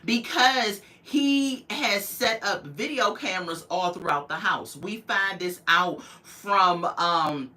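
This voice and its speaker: A woman's voice: mid-range voice, takes it slowly, few pauses, pushed and bright. A young adult woman from the United States hosting a live review stream, chatty, greeting viewers in the chat and laughing often. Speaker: host of a live reality-show review stream. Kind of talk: casual livestream commentary.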